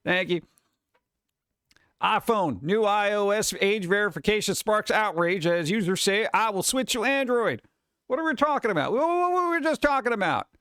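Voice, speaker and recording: A man chatting casually on a stream, reading headlines and memes aloud and answering them with sarcastic, animated asides. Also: sits high, normal speed, clear, resonant tone, no echo, clean studio sound. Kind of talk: casual live-stream chat.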